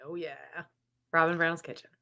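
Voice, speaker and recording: A woman co-hosting a pop culture podcast in casual chat, enthusiastic and quick to laugh, over a video call. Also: sits low, little pitch movement, very noisy. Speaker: podcast co-host.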